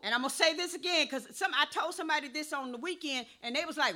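A woman pastor preaching a sermon, calling for responses and rising to a shout. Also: high-pitched, fast, hardly any pauses.

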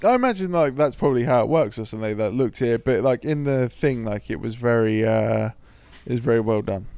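A man's voice: medium pitch, lively intonation, brisk, gravelly, mellow, clear, resonant tone, no echo. A young man co-hosting a podcast, telling rambling anecdotes full of fillers and swearing and acting out what people said. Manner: rambling anecdotes with lots of fillers and swearing, acts out quoted voices. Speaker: podcast co-host. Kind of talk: casual storytelling chat.

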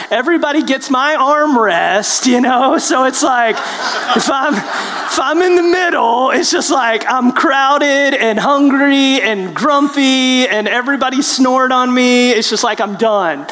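Preacher telling stories in a hall. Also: male voice, very high-pitched. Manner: animated, self-deprecating, halting restarts. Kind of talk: storytelling testimony.

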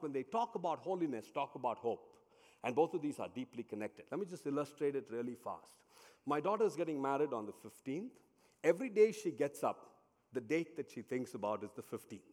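A middle-aged man preaches in a church sanctuary, his voice sitting a little high for a man. He tells his stories dramatically, rising loud and dropping hushed. A long hall reverb trails his words. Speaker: pastor. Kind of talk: sermon.

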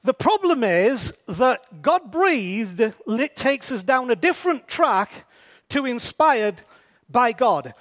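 High-voiced man preaching a sermon. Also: very animated, takes it slowly, a bit bright. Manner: conversational, asks rhetorical questions.

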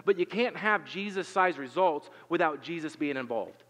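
A man preaches in an earnest, conversational sermon, asking the congregation questions and often doubling his words. His voice sits a little high for a man. It rings with a long reverb, as from a church sanctuary. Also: lively intonation, moderate pace, a bit bright. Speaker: pastor.

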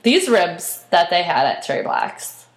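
A young woman hosting a podcast, telling stories in a chatty, animated way. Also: on the low side, measured pace. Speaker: podcast host. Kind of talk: casual chat. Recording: echoey room.

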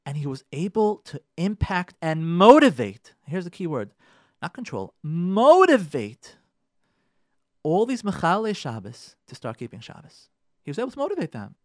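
A man, a rabbi on a radio show, urging his listeners in an impassioned talk, repeating his key points and swinging from loud pressing to soft pleading. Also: fairly high pitch, sing-song, normal speed, dry recording, studio quality.

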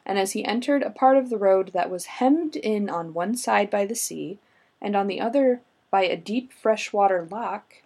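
A woman's voice: medium pitch, normal speed, darkish tone, breathy edge. A woman chatting casually with friends and reading a folklore account aloud dramatically, often breaking into laughter.

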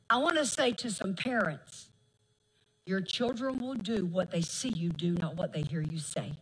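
A middle-aged woman preacher, delivering a folksy, emphatic sermon with drawn-out phrases and laughter. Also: lowish voice, a bit bright, breathy edge, rough recording.

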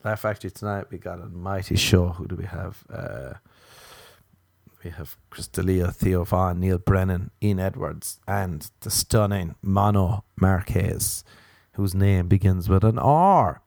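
An Irish man hosting a comedy podcast, telling a long story in a flat, deadpan voice. His voice sits fairly low and he swears casually. The sound is close and dry, with no room echo. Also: a little slow, creaky.

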